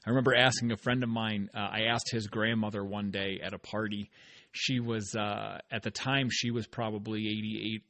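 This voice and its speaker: A man's voice: on the low side, level tone, normal speed, a bit bright. A middle-aged man hosting a solo motivational podcast, talking in an earnest, encouraging way and repeating phrases for emphasis. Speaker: podcast host.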